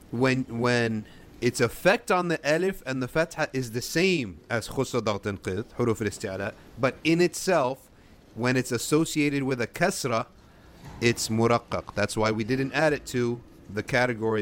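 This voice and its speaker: A man teaching the rules of Quran recitation, modeling sounds slowly and repeating them, asking and answering his own questions. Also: mid-range voice. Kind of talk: tajweed lesson, explaining and modeling recitation.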